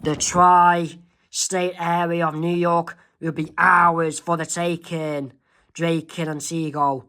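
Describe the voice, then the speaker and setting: A man voicing a scheming male mad scientist villain in a homemade comic reading, with halting delivery and slips. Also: on the high side, level tone, bright, forceful tone, clean tone, heavily acted. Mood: gleeful.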